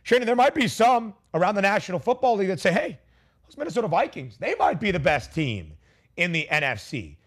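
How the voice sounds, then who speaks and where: A man hosting a sports betting talk show, leading a lively, playful segment with his guests. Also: high-pitched, a little fast, breathy edge.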